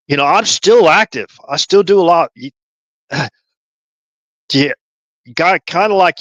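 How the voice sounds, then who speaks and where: A man's voice: a little high, a bit bright, no room sound, lo-fi sound. A man hosting a livestream, rambling and repeating himself as he lays out his theories. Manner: rambling, repetitive, conspiratorial. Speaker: livestream host.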